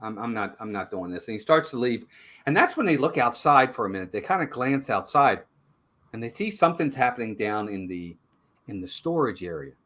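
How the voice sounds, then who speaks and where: A man's voice: mid-range voice, brisk. A man co-hosting a movie review show, chatting casually and acting out the characters' lines as he retells the plot. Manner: animated storyteller, acts out characters' lines.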